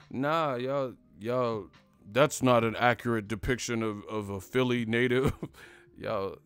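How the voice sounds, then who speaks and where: A man's voice: mid-range voice, measured pace, fairly bright tone, clear, resonant tone. A man hosting a casual live stream about boxing, ranting in a rambling, profane way and laughing at his own jokes. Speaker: boxing commentary host.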